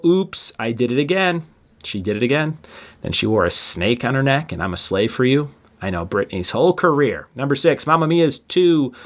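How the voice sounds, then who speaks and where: Man reading trivia questions aloud. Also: medium pitch. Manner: reads each question twice, chatty asides. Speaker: trivia podcast host. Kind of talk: casual quiz reading.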